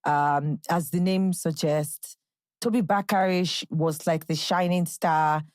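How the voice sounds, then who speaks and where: A woman's voice: low-pitched, steady tone, takes it slowly, a little mellow, no echo. A young Nigerian woman hosting a podcast, chatting casually and bubbly, dropping into playful quotes and impressions. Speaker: podcast host. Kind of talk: casual solo podcast chat.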